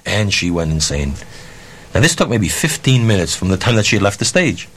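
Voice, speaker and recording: A man who ran concert halls telling a story in a blunt, profane, animated way, acting out his own ranting. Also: on the low side, a little fast, a little hiss or hum. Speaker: concert promoter. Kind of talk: anecdotal storytelling.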